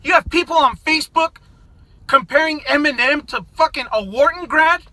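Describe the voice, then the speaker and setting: A middle-aged man from the United States rants furiously to his viewers, swearing and often breaking into shouts. His voice sits unusually high and sounds sharp and bright. The recording is dry, with no room echo. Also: normal speed. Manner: profane, shouting, confrontational. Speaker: vlogger. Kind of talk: angry political rant to camera.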